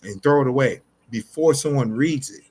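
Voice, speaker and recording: A man of medium pitch gives an unscripted motivational talk straight to his viewers, calling them y'all. He is earnest and repeats himself, often breaking off and restarting sentences. Faint ambient noise sits behind his voice. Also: moderate pace, darkish tone. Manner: earnest, repetitive, many restarts; addresses listeners directly as y'all. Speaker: motivational vlogger.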